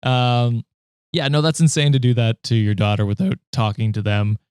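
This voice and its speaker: A man's voice: mid-range voice, flat delivery, normal speed, darkish tone, clear, resonant tone, no room sound, clean studio sound. A man co-hosting a podcast in casual chat, reacting with laughter and frequent swearing. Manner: chatty, laughing, swears freely. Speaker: podcast co-host.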